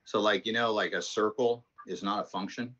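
A man's voice: lowish voice, fairly even intonation, moderate pace, fairly bright tone, highs cut off. A man teaching a math class, telling rambling stories and then explaining the lesson in a casual way. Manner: rambling anecdotal storytelling. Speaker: math instructor. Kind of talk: casual classroom talk and lecture.

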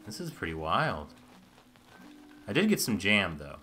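A man's voice: low-pitched, huge pitch swings, measured pace, pauses often, pushed and bright, faint music behind. A man hosting a gaming channel, giving wry joking commentary while he plays. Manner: wry, joking asides while reading game dialogue. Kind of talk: let's play commentary.

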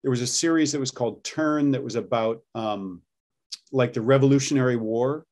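A man's voice: mid-range voice, moderate pace, a little mellow. A middle-aged man, an accent coach, explaining and demonstrating accents in a casual interview.

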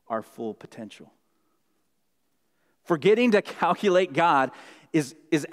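A male pastor delivers an earnest sermon, repeating key lines so they sink in. His voice sits a little higher than most men's. It rings out with a long reverb through the church sanctuary. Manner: earnest, repeats key phrases, shifts pitch for quotes.

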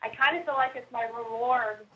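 Female caller, slightly high pitch, hesitant delivery, dull phone-line audio. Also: fairly even intonation. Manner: halting, hesitant, restarts often.

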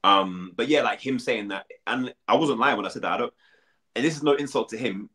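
Quick-talking young British man. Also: mid-range voice, bright, forceful tone. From United Kingdom. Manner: quick, rambling, self-deprecating with frequent fillers. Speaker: reality show contestant, guest. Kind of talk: casual interview chat.

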